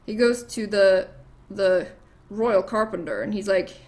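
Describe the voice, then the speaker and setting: A woman's voice: mid-range voice, slow, a little mellow. A woman vlogger casually retelling a myth while painting her nails, rambling, swearing freely, laughing and getting distracted.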